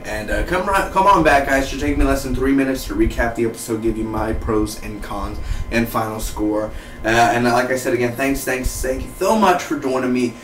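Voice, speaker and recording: A man's voice: mid-range voice, normal speed, recorded from a distance. A man casually reviewing a TV episode, rambling and self-deprecating with frequent restarts. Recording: echoey room, off-mic, faint hiss.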